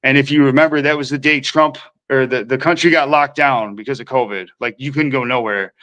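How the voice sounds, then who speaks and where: A man's voice: mid-range voice, steady tone, a little fast, a bit bright, poor audio. A man from Minnesota telling his recovery story as a podcast guest, rambling and slangy, acting out what people said. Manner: rambling, slangy, acts out quoted voices. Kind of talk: casual storytelling.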